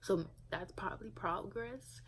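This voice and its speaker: A woman's voice: medium pitch, unhurried, a little hiss or hum, rough recording. A young woman vlogging about her family in a casual, rambling way, full of filler words. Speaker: parent vlogger. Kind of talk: casual talk to camera.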